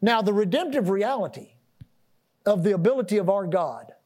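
A man preaching a sermon, asking the congregation questions and repeating words as he builds his points. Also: high-pitched. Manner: animated preaching with call-and-response questions; repeats and restarts words, rising and dropping loudness. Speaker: pastor.

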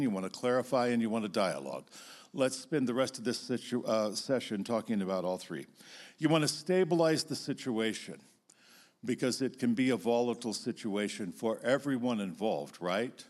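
A middle-aged man giving an earnest, expressive teaching talk as a Christian speaker, standing before an audience. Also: lowish voice. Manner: earnest and expressive, acting out emotional outbursts.

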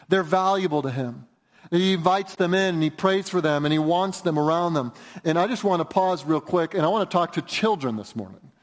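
A male pastor preaching an earnest, emphatic sermon in a church, moving between raised and hushed delivery. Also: fairly high pitch. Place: church sanctuary. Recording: reverberant church hall.

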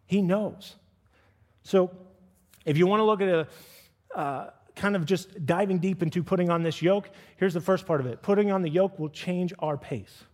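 A middle-aged man preaching a sermon as pastor, acting out quoted voices with animated swings of pitch. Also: moderate pace. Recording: long reverb of a church hall.

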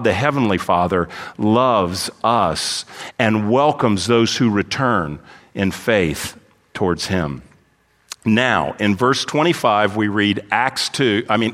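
A man's voice: fairly low pitch, a bit bright. Man preaching with long hall reverb. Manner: reads scripture aloud, then explains it verse by verse. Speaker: pastor. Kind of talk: expository sermon.

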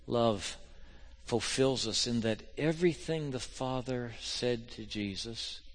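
A man preaching a sermon to his congregation, swinging from loud, fervent exhortation to quiet, intimate appeals and rhetorical questions. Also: medium pitch, slow. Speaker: pastor.

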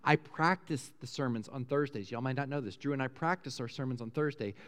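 A middle-aged man preaching a sermon as a pastor, conversational and animated, rising loud and high when excited. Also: a little fast. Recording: preached in a church, long reverb.

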